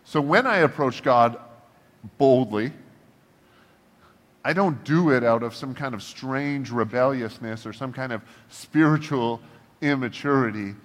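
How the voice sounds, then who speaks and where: Pastor, male, mid-pitched, casual and humorous preaching, acts out prayers, heard with a long hall echo. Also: unhurried. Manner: animated, humorous, acts out prayers to God in a shifting voice. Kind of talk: casual conversational sermon. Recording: long reverb of a large hall.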